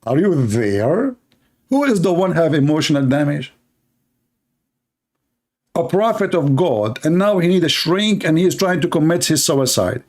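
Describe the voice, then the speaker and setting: A man's voice: on the high side, moderate pace, pauses often. A man from the Middle East, a native Arabic speaker with an Arabic accent, hosting a live debate in a sarcastic, mocking manner. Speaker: online debate host.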